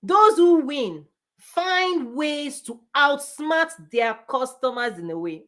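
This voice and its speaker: A woman business coach giving a forceful motivational talk, repeating punchy phrases and laughing often. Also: high voice, lively intonation, slow pace.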